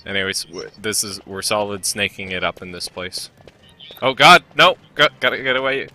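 A man's voice: sits low, fairly quick, bright, forceful tone, faint music behind. A man playing a video game and commenting casually, joking and swearing freely. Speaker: let's play host and player.

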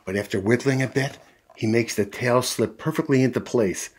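A man's voice: medium pitch, normal speed, breathy edge. A man reading a picture book aloud to children as a storyteller, adding friendly asides to young listeners.

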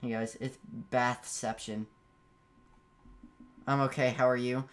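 A man streams a game and chats casually in a medium-pitched, level voice at a slow pace. He stammers and repeats words, and when frustrated he breaks into yelps and laughter.

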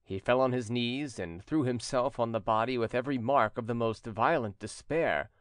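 A man reading an audiobook in scripted narration, measured and expressive. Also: mid-range voice, no echo, clean studio sound.

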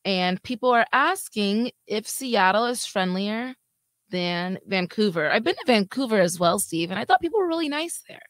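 A woman's voice: mid-range voice, animated, moderate pace, fairly bright tone, no room sound. Chatty woman co-hosting a news chat. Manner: chatty, laughs easily. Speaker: news anchor and co-host. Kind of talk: casual chat.

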